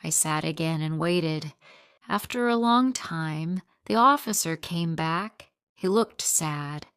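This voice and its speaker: Woman reading a learner story slow and steady, smooth voice, dry close sound. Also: low-pitched, dry recording. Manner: simple short sentences, steady and plain. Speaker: narrator. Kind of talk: slow scripted audiobook narration for English learners.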